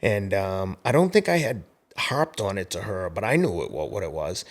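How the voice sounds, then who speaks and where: Low-voiced man telling animated stories. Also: normal speed. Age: 50s. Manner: animated storyteller, acts out quoted voices. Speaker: podcast guest, marathon runner. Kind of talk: casual storytelling interview.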